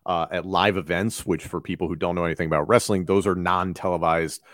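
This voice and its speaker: A man with a very low, deep voice speaks as a guest on a casual podcast. He tells stories in a reflective, measured way. The sound is dry and close, with no room echo. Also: fairly even intonation, fairly bright tone. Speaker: wrestling broadcaster guest.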